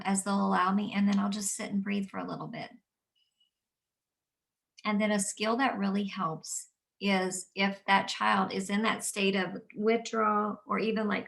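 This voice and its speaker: A woman teaching adults about guiding upset children, explaining calmly and repeating her key points. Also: mid-range voice, gravelly. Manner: calm, repetitive, explanatory. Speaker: early childhood trainer. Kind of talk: instructional talk.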